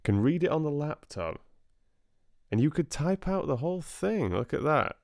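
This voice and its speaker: A man's voice: a little high, very animated, moderate pace, creaky, a little mellow, no room sound, clean studio sound. A man hosting a live reading stream, chatting casually and hesitantly with many fillers.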